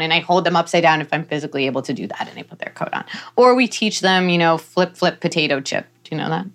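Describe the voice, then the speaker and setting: A middle-aged woman with a somewhat low voice talks as a psychologist guest on a parenting podcast. She explains things earnestly and patiently, like a teacher. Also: fast. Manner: earnest, explanatory, playfully animated in examples.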